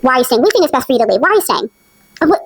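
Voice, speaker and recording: A young woman imitating an exasperated female administrator, high and sing-song with quick bursts of scolding. She lectures hard. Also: big pitch swings, slight background noise.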